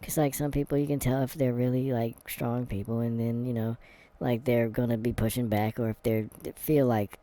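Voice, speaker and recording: A man's voice: medium pitch, fairly even intonation, fairly quick, hardly any pauses, mellow. A man thinking aloud in a casual vlog, blunt and wry, with sighs and restarts as he answers test questions. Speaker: vlogger taking a personality test. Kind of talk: casual spoken commentary to camera.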